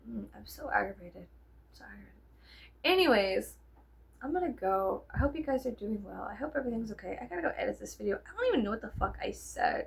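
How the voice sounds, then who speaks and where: A woman's voice: a little high, gravelly, fairly bright tone, husky. A young woman with a Southern US accent, chatting casually to camera at home, rambling, swearing, and slipping into whispers. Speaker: vlogger.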